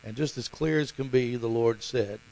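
A man's voice: medium pitch, normal speed, creaky, a little mellow, rough recording. A middle-aged man preaching a sermon, telling stories in a folksy way with chuckles and fillers. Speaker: pastor.

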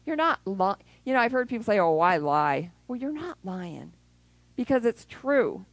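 A woman preaching a sermon who acts out prayers and little scenes, even with sound effects. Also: on the high side, normal speed, dry recording, rough recording.

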